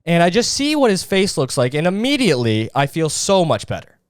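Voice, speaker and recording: A man's voice: fairly high pitch, huge pitch swings, fairly quick, no echo, studio quality. Crude, mocking man ranting. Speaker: podcast host. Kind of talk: casual podcast rant.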